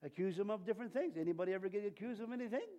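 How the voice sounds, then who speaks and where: A man with a high, light voice preaches a loose, conversational sermon in a church. He rambles, restarts his sentences and chuckles at his own jokes. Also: animated, very fast, dark tone, muffled recording. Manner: rambling, self-interrupting, chuckling often. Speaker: pastor. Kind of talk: informal sermon.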